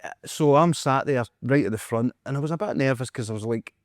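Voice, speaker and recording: A Scottish man, a podcast co-host, telling a story in casual chat, animated and acting out quotes with frequent laughs. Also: mid-range voice, a little fast, no room sound, clean studio sound. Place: podcast studio.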